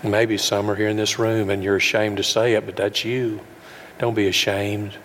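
A man preaching a sermon as pastor, folksy and earnest, building up to loud, high peaks. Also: little pitch movement, moderate pace, big-room sound, a little hiss or hum. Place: large room with an audience.

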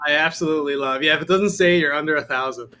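Musician dude from the chicago burbs, bright edgy voice, lots of um and like. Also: male voice, fairly high pitch, quick pace. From Chicago suburbs. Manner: hesitant, laid-back, many fillers. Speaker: musician guest. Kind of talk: casual interview chat.

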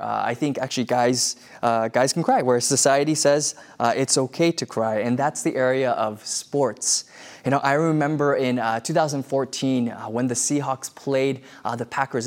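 A man preaching a sermon in a conversational way, with many fillers and restarts. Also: mid-range voice. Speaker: pastor.

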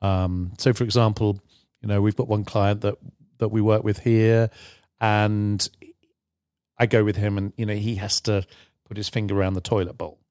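A man, a therapist explaining treatment calmly in a podcast chat, with many fillers. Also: lowish voice, no echo, studio quality. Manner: calm, halting with fillers. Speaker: therapist guest. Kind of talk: casual explanation.

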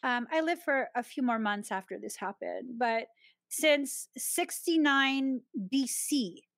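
A woman hosting a podcast, telling a personal story in a chatty, expressive way and often laughing. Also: high voice, slow pace, no room sound. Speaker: podcast host.

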